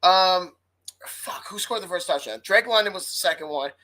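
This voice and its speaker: A woman's voice: lowish voice, animated, normal speed, pushed and bright, poor audio. A woman co-hosting a sports podcast, ranting hotly and swearing freely in casual talk. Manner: heated, profane ranting. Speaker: podcast co-host.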